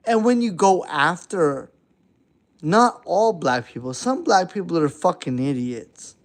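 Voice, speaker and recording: A man giving a heated, profane late-night rant, swinging between shouting and muttering. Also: high-pitched, lively intonation, a little slow. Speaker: vlogger.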